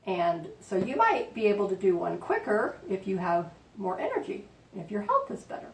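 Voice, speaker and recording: A chatty woman talks through her quilting project in an easygoing, rambling way, often trailing into fillers before bursting with excitement. Her voice sits at a middling pitch and carries the echo of a room, picked up from some way off the mic with a faint rumble underneath. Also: moderate pace, recorded from a distance. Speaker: quilting vlogger. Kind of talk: casual chatty craft tutorial.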